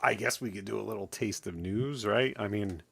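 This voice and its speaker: Gravelly low-voiced dry man. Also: normal speed, fairly bright tone, dry recording. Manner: dry, laconic. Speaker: podcast co-host. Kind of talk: casual chat.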